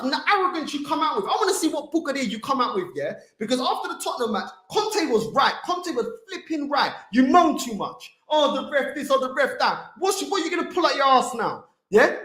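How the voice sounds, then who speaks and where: A man's voice: extremely high pitch, fairly bright tone. A man hosting a football fan channel, delivering a heated livestream rant full of street slang. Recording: echoey room.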